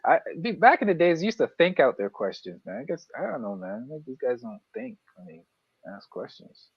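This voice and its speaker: A man's voice: mid-range voice, big pitch swings, fairly quick, husky, no room sound. A man in casual sports chat, laid-back and mocking, now and then aping commentators. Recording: dry, dull lo-fi sound.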